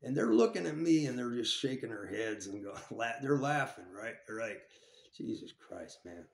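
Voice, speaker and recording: A man's voice: medium pitch, animated, moderate pace, vocal fry, echoey room. A man casually telling a story from his time in jail, swearing freely and restarting his sentences often. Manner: profane and rambling with many restarts.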